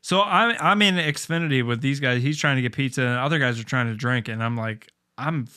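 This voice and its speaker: A man's voice: medium pitch, a little fast, bright, forceful tone, clean tone. A man co-hosting a podcast, telling laid-back stories with plenty of swearing and laughter. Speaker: podcast co-host. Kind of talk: casual chat.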